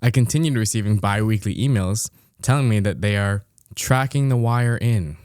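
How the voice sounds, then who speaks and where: A man's voice: fairly low pitch, moderate pace, darkish tone, no echo. A young man co-hosting a podcast, reading a listener's story aloud with dry, amused remarks and frequent laughter. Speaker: podcast co-host.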